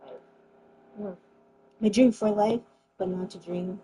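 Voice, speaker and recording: A woman's voice: medium pitch, steady tone, measured pace. Playful bossy woman in a noisy room. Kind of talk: casual chat.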